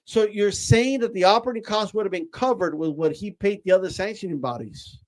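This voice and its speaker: A man's voice: high voice, brisk. A man hosting casual boxing commentary, ranting with rhetorical questions and repeated words. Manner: ranting, rhetorical "right?" tags, repeats words, says "bro".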